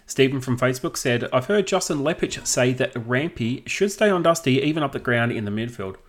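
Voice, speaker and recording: A man's voice: medium pitch, animated, fairly quick. Chatty Australian man co-hosting. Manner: chatty, laughs while talking. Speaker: podcast co-host. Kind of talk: casual sports chat.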